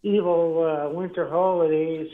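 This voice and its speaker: A man's voice: fairly high pitch, flat delivery, measured pace. Man calling in over a tinny phone line. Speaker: caller. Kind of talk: casual phone-in chat.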